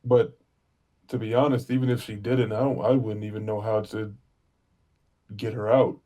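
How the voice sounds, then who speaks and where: A man playing a grieving adventurer who speaks haltingly, searching for words. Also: fairly low pitch, flat delivery, warm tone, lightly acted. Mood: troubled. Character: grieving young adventurer haunted by a lost friend.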